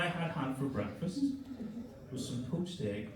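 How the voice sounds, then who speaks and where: A man's voice: fairly high pitch, sing-song, measured pace, far from the mic, background noise. A middle-aged man from Northern Ireland with a Northern Irish accent, doing a crude, self-mocking stand-up comedy set. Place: comedy club stage. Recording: echoey club, heard from afar, crowd laughter.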